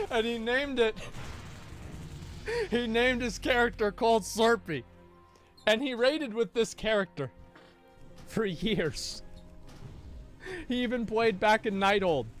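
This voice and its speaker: A man with a high voice telling a gaming story in a loose, casual way. He swears freely and slips into the voices of the people he quotes. Soft music plays faintly behind him. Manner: profane, animated, acts out the people he quotes. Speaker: gaming streamer.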